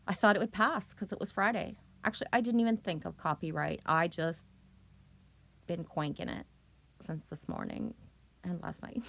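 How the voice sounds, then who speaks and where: A woman's voice: fairly low pitch, fairly even intonation, normal speed, gravelly, fairly bright tone. A middle-aged woman chatting casually on a live stream, loose, profane and rambling as she greets viewers.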